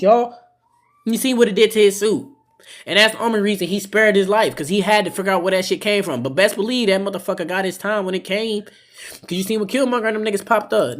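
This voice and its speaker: Brief: male live streamer, fiery and preachy, swears a lot, phone mic. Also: sits high. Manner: impassioned, profane, preachy. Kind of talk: live stream reaction talk.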